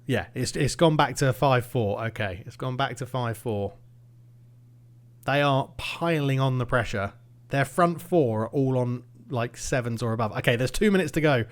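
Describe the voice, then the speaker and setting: A man commentating his own football management game, swinging between nervous muttering and excited shouting. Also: medium pitch, normal speed. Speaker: gaming YouTuber.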